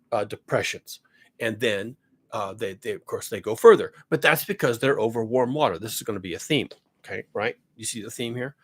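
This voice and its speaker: A man's voice: mid-range voice, fairly bright tone, slightly rough. A man talking casually and exasperatedly, rambling with many restarts as he explains weather to his audience. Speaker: climate commentary vlogger. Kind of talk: casual talk.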